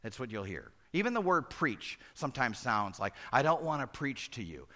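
A middle-aged pastor preaching a conversational sermon that rises to emphatic peaks. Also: male voice, medium pitch, big pitch swings, normal speed, hardly any pauses, pushed and bright.

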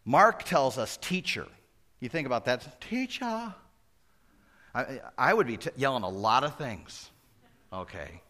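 Lively, bright-voiced male pastor preaching. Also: medium pitch, normal speed. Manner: animated, swings from loud exclamations to hushed asides. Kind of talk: sermon.

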